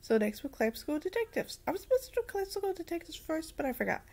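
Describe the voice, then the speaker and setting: A woman giving a casual anime review, rambling and repeating herself in an animated way. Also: very high-pitched, fast, background noise.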